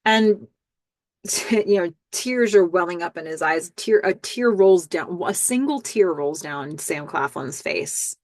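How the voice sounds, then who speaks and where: A woman's voice: fairly low pitch, expressive, slow pace, darkish tone, no echo. Chatty woman recapping a TV episode. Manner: chatty, stammers and restarts, acts out quoted lines. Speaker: podcast host. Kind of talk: TV episode recap, casual narration.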